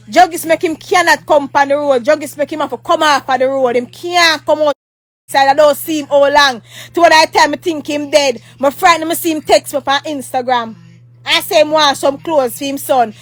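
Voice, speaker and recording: A woman with a Jamaican accent and a high-sitting voice, recorded dry, launches into a rambling, heated storytime rant as a vlogger. She repeats herself, swears often, and slips into mock prayer throughout the monologue.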